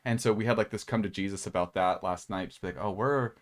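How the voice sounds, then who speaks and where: A man's voice: low voice, fast talker. A young man co-hosting a podcast, chatting casually in a rambling way, full of filler words and swearing. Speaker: podcast co-host. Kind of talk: casual chat.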